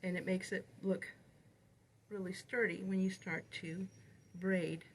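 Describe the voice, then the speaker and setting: A woman's voice: medium pitch, level tone, a little slow, pauses often, a little hiss or hum, poor audio. A woman teaching how to make tassels, talking through each step of a hands-on demonstration. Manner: step-by-step, repeats "you're gonna". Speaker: knitting instructor.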